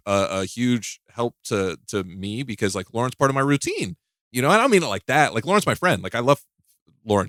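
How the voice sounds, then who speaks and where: A man's voice: medium pitch, fairly bright tone, no room sound. Podcast host guy, keeps restarting and tripping over words, jokey, dry close sound. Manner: halting, many restarts and stammered repeats; jokey, laughs at his own stories. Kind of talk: casual chat.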